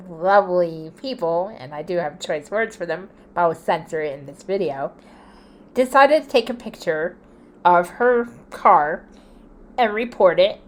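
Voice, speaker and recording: A woman vlogger telling a story in a casual, chatty way, often laughing and acting out what others said. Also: lowish voice.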